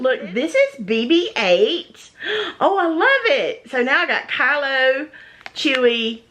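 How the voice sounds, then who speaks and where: A woman's voice: high-pitched, very animated, slow, a bit bright. A woman gushing and gasping with delight as she opens gifts in a casual unboxing vlog. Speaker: vlogger unboxing a gift box.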